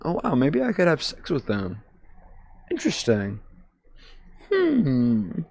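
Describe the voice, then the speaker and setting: Slow, gravelly man goofing around. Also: fairly high pitch, wildly swooping pitch, a little mellow. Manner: rambling, goofy, sing-song repetitions. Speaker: streamer playing a VR game. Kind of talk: casual gameplay chatter.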